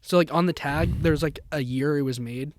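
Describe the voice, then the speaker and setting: A man's voice: fairly high pitch, moderate pace, no room sound. A young man co-hosting a casual podcast, telling a laughing anecdote and teasing his co-host. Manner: laughing anecdote teller who quotes people in the story, teasing. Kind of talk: casual chat.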